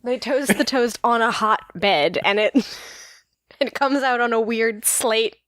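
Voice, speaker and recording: A woman's voice: on the high side, slow, a bit bright, dry recording, clean studio sound. A young woman from New York co-hosting a casual podcast, chatty and laughing often, with lots of filler words. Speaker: podcast co-host. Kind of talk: casual chat.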